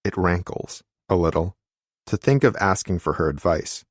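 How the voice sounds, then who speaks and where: A man narrating an audiobook in a measured, wry storytelling manner. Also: sits low, lively intonation, dry recording, studio quality.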